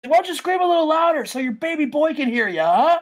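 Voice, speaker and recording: A man's voice: very high voice, lively intonation, quick pace, voice pushed up. A man putting on the voice of a cruel, gloating male wrestling champion who taunts his victim.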